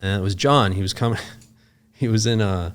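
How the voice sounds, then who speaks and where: Low-voiced man telling a story. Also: moderate pace, fairly bright tone. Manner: loose and profane, full of "like" fillers. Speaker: podcast guest. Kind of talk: casual storytelling.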